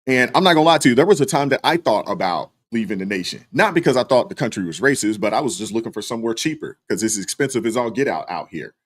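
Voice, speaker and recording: A man hosting a live stream, reading viewer super chats and talking through them in a relaxed way, with lots of fillers. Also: lowish voice, fast, few pauses, breathy edge. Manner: relaxed, many fillers, thanks viewers by name. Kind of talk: casual live stream commentary.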